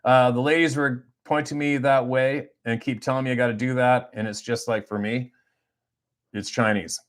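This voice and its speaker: A middle-aged Canadian hunting guide hosts a livestream, chatting casually off the cuff. He rambles, speaks bluntly, and swears freely, with a flat delivery at medium pitch and normal speed.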